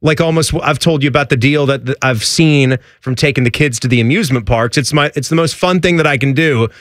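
A man's voice: mid-range voice, a little fast, a bit bright, no echo, studio quality. A man co-hosting a casual sports chat show, teasing his partner and correcting names. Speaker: co-host.

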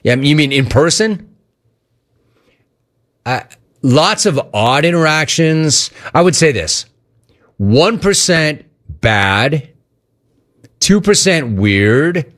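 A middle-aged man hosting a sports talk show, answering listener questions in a casual, animated way that acts out remembered conversations. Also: a little high, takes it slowly, pauses often.

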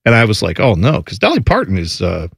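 A man hosting a sports radio show, chatting casually and joking with his co-hosts in an animated way. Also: fast, vocal fry, husky, no room sound, studio quality. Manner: animated, jokey, lively delivery with pitch jumps when quoting. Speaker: radio host.

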